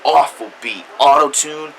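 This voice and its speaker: Male host tearing into songs with constant swearing. Bright voice, faint hiss underneath. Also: a little high, a little slow, vocal fry, rough recording. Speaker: music reviewer, channel host. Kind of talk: profane ranting review.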